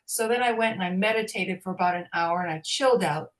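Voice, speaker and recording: A woman with a mid-range voice chats casually on a podcast. She tells her stories in an animated way, laughing as she goes. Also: mid-range voice, fairly quick, hardly any pauses. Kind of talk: casual storytelling chat.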